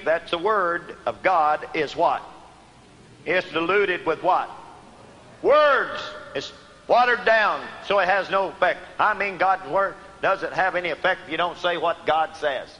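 A man preaches a sermon in a slightly high, bright and forceful voice. He questions his congregation and answers himself, punching single words loudly before sinking back down low. The sound rings with a long hall reverb. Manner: rising to emphatic shouts on key words, then dropping low.

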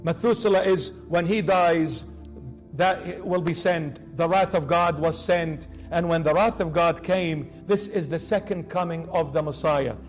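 A man with a high voice preaches with fervor, his delivery climbing in urgency and then falling to a near hush as he pleads. Soft music plays faintly behind him. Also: a little slow. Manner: impassioned, rising and dropping to hushed pleading. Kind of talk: sermon.

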